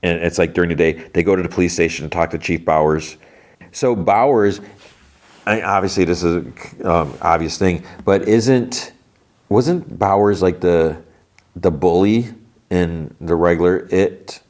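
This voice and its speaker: A man's voice: sits low, measured pace, a little mellow. A man hosting a podcast, casually recapping a TV episode in a loose, rambling way full of fillers. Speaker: podcast host.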